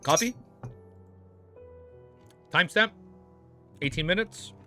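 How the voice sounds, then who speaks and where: Excitable streamer man with a bright voice. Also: high-pitched, slow pace. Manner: excitable, swears freely, laughs often. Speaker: live streamer. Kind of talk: reading a novel aloud on stream and reacting. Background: faint background music.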